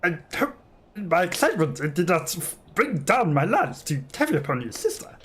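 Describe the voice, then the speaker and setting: A courtly insect knight bound by honor, speaking in stiff, old-fashioned phrases, as a man puts on the voice while reading game text. The voice sits a little high and swoops lively across its range, theatrical and formal. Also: normal speed, slightly rough, full character voice. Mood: solemn.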